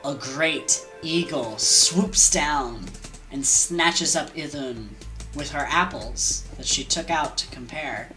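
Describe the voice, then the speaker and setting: A woman's voice: deep voice, slow, pushed and bright, soft background music. A woman casually retelling an old myth, rambling with fillers, asides and slang. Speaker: storyteller.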